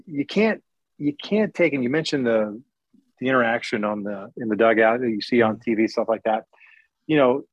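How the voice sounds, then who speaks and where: A middle-aged man who used to broadcast baseball, talking candidly and bluntly as an interview guest, with sarcastic asides and many quick restarts. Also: medium pitch, no echo. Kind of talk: casual interview talk. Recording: dry, slightly dull lo-fi recording.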